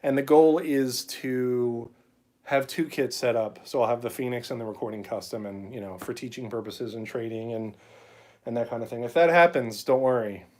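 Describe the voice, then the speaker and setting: A man's voice: medium pitch, moderate pace, darkish tone. Man chatting casually on a phone stream. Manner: rambling, restarts, reads comments aloud. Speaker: drum teacher streaming live. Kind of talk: casual live-stream chat. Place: small cluttered drum shed. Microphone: phone mic.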